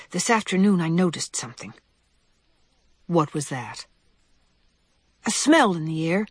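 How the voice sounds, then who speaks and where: A woman voicing a sick young boy mouse who speaks seriously and calmly, in a storybook reading. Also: lowish voice, slightly rough, dry recording, clean studio sound, exaggerated voice. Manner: serious, calm, thoughtful.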